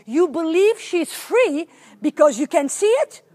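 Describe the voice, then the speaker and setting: A calm divine voice corrects the listener softly and slowly, as a woman preacher puts it on. It stays gentle and high, never raised. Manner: quiet, slow and gentle.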